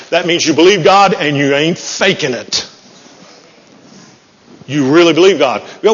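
Folksy joking preacher in a hall. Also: male voice, fairly high pitch, lively intonation, moderate pace, pauses often, breathy edge. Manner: folksy, joking, self-deprecating. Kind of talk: sermon. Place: church sanctuary. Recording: muffled, with long hall reverb.

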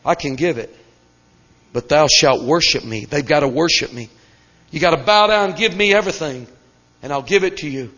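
A scheming devil, as a preacher puts him on, drops his voice far down and speaks in a low, slow, tempting drawl. He offers power and fame as a bargain. The recording is dull and carries a long hall echo. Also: fairly bright tone.

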